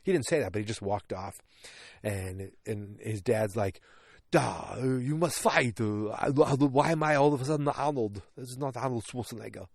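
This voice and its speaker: A man at a middle pitch talks casually on a movie podcast. He rambles, jokes and corrects himself often. The sound is close and dry, with no room to it. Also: normal speed, darkish tone, no echo. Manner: rambling, self-correcting, joking asides. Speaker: podcast host.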